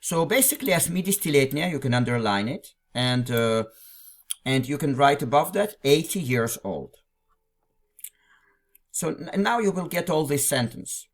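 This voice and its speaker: A man's voice: a little high, lively intonation, normal speed. Patient man teaching a literary text. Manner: patient, repeats phrases and restarts often. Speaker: language teacher. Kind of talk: explaining a literary text line by line.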